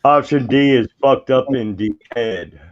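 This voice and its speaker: A man's voice: medium pitch, measured pace, no echo, highs cut off. A man in casual group chat, reacting to a livestream with blunt, crude and vivid mocking commentary.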